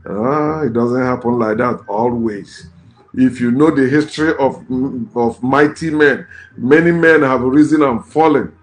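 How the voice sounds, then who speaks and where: A man's voice: mid-range voice, unhurried, slight background noise. Blunt man ranting. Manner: blunt, scornful, repeats curses. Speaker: vlogger. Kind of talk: ranting political commentary.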